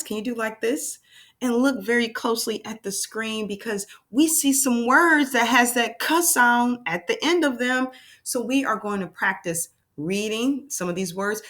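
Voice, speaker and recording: A woman's voice: mid-range voice, a bit bright. A woman teaching a children's phonics lesson, sounding out words and asking encouraging questions.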